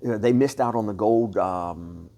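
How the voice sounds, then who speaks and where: A man's voice: fairly low pitch, normal speed, dark tone. A man hosting a casual chat, talking in a rambling, emphatic way and often repeating himself. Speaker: bullion dealer host.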